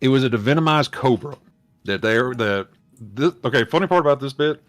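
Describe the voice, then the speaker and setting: A man's voice: medium pitch, expressive, fairly quick, fairly bright tone, dry recording, faint music behind. A man hosting a podcast, reading aloud and chatting in a rambling, self-correcting way on a close mic. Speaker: podcast host. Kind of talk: casual chat, reading aloud.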